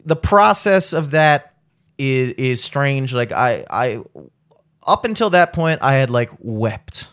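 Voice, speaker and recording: A man telling a long story in casual chat, swearing often and acting out what others said. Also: takes it slowly. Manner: animated, profane, acts out quotes in a high voice.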